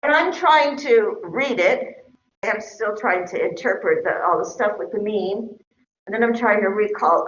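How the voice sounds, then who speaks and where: A woman's voice: mid-range voice, expressive, normal speed, slight background noise. A middle-aged woman lecturing a class in a conversational way, often checking in with her listeners. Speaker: teacher. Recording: echoey room, dull lo-fi sound.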